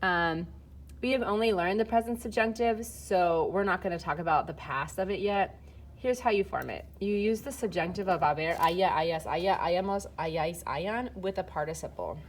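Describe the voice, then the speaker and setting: In a recorded walkthrough lesson, a woman on the low side of pitch explains Spanish grammar at a moderate pace. She keeps it casual with fillers and proceeds step by step while filming and typing.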